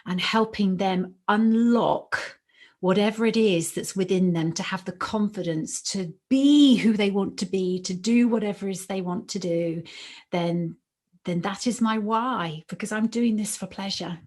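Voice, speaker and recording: Her voice mid-pitched, a little slow and somewhat mellow, a former teacher from Britain in her late forties hosts a podcast and recounts stories in an interview. She speaks with earnest feeling, going back over her words for emphasis.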